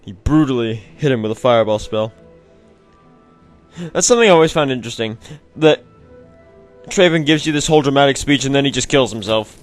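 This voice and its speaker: Soft music plays behind this let's play host, who talks briskly at a medium pitch and pauses often. His gameplay commentary is casual, rambling and self-deprecating.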